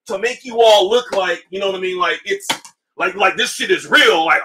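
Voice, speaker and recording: A man hosting a livestream, ranting in a casual, profane way, animated and repeating himself. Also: sits high, brisk, slight background noise. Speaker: livestream host. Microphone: livestream mic.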